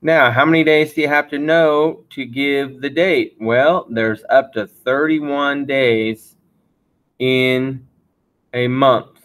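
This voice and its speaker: Slow, deliberate male language teacher. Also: mid-range voice, fairly even intonation, fairly bright tone. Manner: repeats and restarts phrases. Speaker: Spanish teacher. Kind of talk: classroom lesson.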